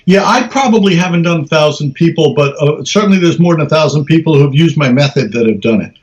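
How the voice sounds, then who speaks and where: A middle-aged man, a researcher being interviewed, talking in a lively storytelling way with many restarts. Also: fairly high pitch, fast talker. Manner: animated storyteller, many restarts, acts out quoted voices. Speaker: guest researcher. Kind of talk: conversational interview. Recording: slightly dull lo-fi audio.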